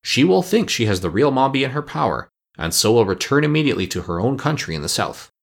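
A man's voice: mid-range voice, sing-song, fast talker, gravelly. A man voicing a scheming old witch in a storybook, muttering and sure of herself. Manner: muttering, positive.

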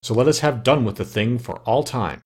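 A man's voice: medium pitch, normal speed, breathy edge. A man voicing a dry, matter-of-fact male king of the light elves. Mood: decisive.

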